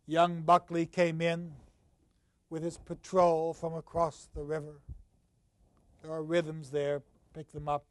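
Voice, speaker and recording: The older literature professor's delivery is completely flat, with no echo in the recording. Lecturing at university, he moves from loud, stressed points to low asides and reads texts in a slow, marked rhythm.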